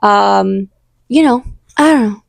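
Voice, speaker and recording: A woman's voice: medium pitch, lively intonation, slow pace, vocal fry, no room sound. Earnest rambling young woman, dry sound. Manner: rambling, earnest, full of fillers and restarts. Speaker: podcast host. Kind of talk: casual faith talk.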